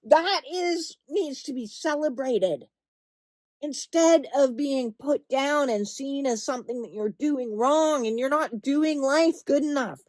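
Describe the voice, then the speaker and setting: A woman's voice: high voice, takes it slowly, a little mellow, no room sound. A woman speaking as a spiritual healing coach, blunt and emphatic, swearing freely and stretching words for stress, then turning soothing and reassuring. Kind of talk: impassioned direct-to-camera talk.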